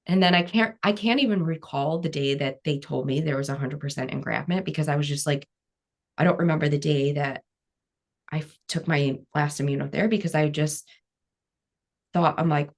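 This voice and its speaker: A woman's voice: sits low, brisk. A woman guest on an interview podcast, a cancer coach telling her story frankly, quoting her past self and using many "like" fillers.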